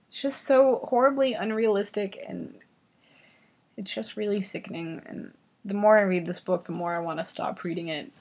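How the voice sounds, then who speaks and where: A woman's voice: fairly low pitch, darkish tone, slight background noise. A young woman vlogger reviewing a book in a casual, exasperated rant, sarcastic and full of swearing and "like" fillers.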